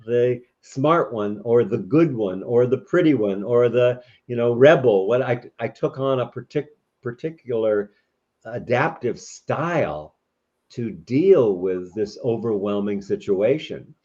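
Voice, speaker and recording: A man's voice: medium pitch, expressive, measured pace, a little mellow. A man talking in an interview, explaining ideas thoughtfully with frequent restarts. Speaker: guest. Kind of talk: reflective interview talk. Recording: dull lo-fi audio.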